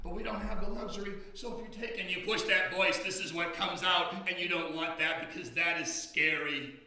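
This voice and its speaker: A middle-aged man preaching a sermon in a loud, booming drill-instructor voice, heard in a church hall. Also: steady tone, fairly quick, a crowd in the background. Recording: echoey hall from far off.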